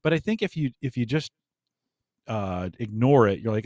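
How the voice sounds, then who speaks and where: Animated man with a lively pitch. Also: moderate pace, no echo, studio quality. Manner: animated, chuckling, restarts often. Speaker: podcast guest. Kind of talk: casual podcast chat.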